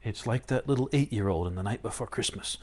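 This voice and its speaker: A man's voice: on the low side, fast talker, darkish tone. Earnest man giving an emphatic talk. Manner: firm, earnest, emphatic, acts out inner voices. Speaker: spiritual teacher. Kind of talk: talk to a live online audience.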